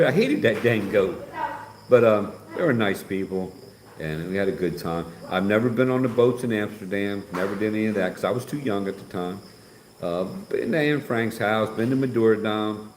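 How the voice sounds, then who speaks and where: A man with a medium-pitched, darkish voice hosts a casual livestream, reading comments and joking in a teasing, chatty manner. The recording is echoey with faint background noise.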